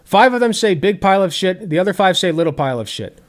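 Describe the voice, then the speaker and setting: High, animated sarcastic male commentator. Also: fast talker. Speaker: commentary host. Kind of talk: political reaction commentary.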